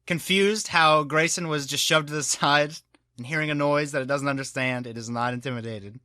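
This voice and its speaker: A man's voice: fairly high pitch, normal speed, pushed and bright. A man narrating as game master of a tabletop game, laughing often between rulings.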